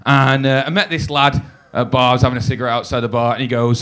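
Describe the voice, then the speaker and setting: A stand-up comedian from Warrington with a Northern English accent, telling self-deprecating, swearing stories on a comedy club stage. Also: male voice, mid-range voice, fairly even intonation, rapid-fire, few pauses, a bit bright. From Warrington, England.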